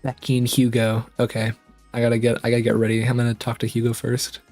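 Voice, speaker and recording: A man's voice: mid-range voice, completely flat delivery, fast, darkish tone, faint music behind. A man streaming a video game, chatting casually and laughing at himself while reading the game text aloud. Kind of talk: casual let's-play commentary.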